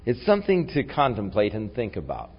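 A man preaching a sermon, reflective in tone and rising to forceful when he reads scripture aloud. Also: fairly low pitch, huge pitch swings, fairly quick, soft background music. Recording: long hall reverb, dull lo-fi sound.

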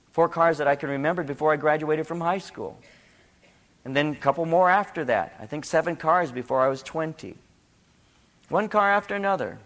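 High-voiced middle-aged male preacher. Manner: swings from hushed storytelling to impassioned, emphatic preaching. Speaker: pastor. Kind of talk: sermon.

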